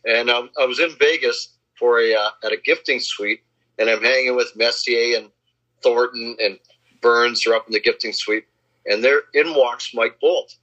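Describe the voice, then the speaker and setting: A man in casual chat, telling boastful anecdotes and acting out the quotes in a husky voice. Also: mid-range voice, moderate pace, bright, forceful tone. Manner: boastful name-dropping anecdotes, acts out quotes. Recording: slightly dull lo-fi sound.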